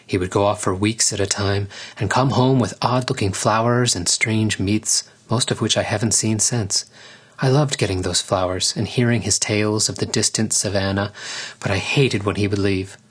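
A man voicing a gentle, coaxing mother lioness. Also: lowish voice, fairly even intonation, normal speed, husky. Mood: wistful. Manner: soft, coaxing and wistful.

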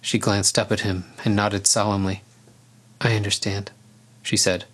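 A man calmly reading a story aloud in a measured way. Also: fairly low pitch. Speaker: narrator. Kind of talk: storybook narration.

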